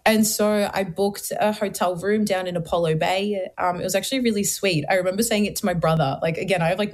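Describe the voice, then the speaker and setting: Earnest young woman telling her story. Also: mid-range voice. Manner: earnest storytelling, lively, many "like" fillers. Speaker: guest. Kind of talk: personal testimony in an interview.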